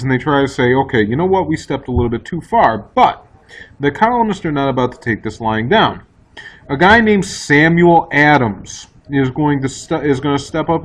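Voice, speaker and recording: A man's voice: medium pitch, poor audio. Casual male history teacher lecturing. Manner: casual, chatty, with fillers and quoted asides. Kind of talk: recorded classroom lecture.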